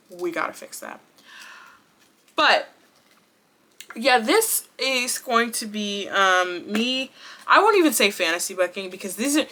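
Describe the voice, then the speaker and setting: Woman wrestling vlogger, crisp bright tone, outspoken, laughs and cusses freely. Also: medium pitch. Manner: animated and blunt, swears, laughs often. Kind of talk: casual vlog chat.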